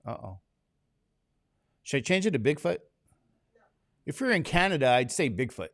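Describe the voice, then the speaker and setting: A man's voice: mid-range voice, very animated, normal speed, fairly bright tone. A man teaching a class, who jokes and keeps asking his students questions, drowsy from medication. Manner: joking, asks the class many questions. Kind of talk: classroom lecture.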